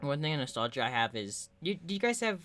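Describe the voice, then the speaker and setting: A woman co-hosting a podcast, telling a story in casual chat with lively, profane delivery that swings from loud to quiet. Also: fast, soft background music. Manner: animated, profane storytelling, shifting from loud to low. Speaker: podcast co-host.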